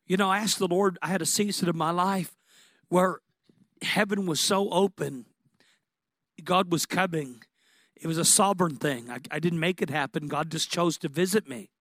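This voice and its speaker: High-voiced impassioned male preacher. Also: moderate pace, dry recording. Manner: impassioned, building to excited peaks. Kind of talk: sermon.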